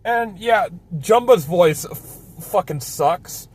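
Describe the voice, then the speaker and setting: A man's voice: high-pitched, animated, takes it slowly, darkish tone, breathy edge, faint music behind. A man hosting a casual film review chat, ranting and swearing a lot. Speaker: host.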